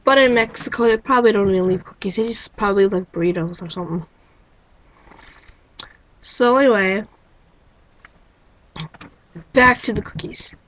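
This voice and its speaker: A woman's voice: mid-range voice, a little fast, long pauses, rough recording. A woman rambling into her webcam mic at home, wry and incredulous, firing off rhetorical questions. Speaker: vlogger. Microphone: built-in webcam mic.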